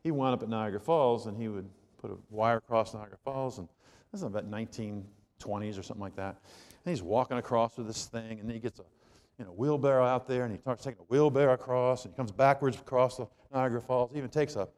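A man's voice: mid-range voice, fast, darkish tone, big-room sound. A male pastor preaching a sermon in a conversational, joking storytelling manner with asides to the congregation.

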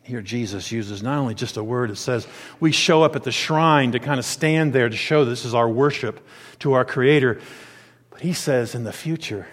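A man preaching a sermon, swinging between quiet, low asides and loud, emphatic declarations. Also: moderate pace, big-room sound.

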